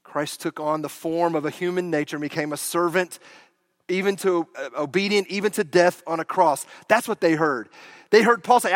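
High-voiced male preacher, animated. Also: moderate pace, dry recording. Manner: animated storyteller, swinging from loud bursts to hushed lines. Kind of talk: sermon.

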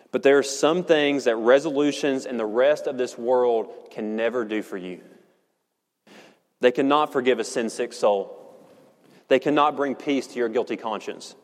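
Man, preacher, earnest sermon, measured delivery, mid-pitched voice, long church reverb. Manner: earnest, measured, slows for emphasis. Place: church sanctuary.

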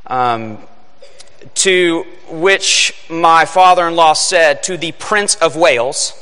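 A man's voice: fairly high pitch, takes it slowly, sharp tone, clear, resonant tone. A man preaching a Christmas Eve sermon, earnest and building to emphatic peaks. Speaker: pastor. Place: church sanctuary. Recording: echoing sanctuary reverb.

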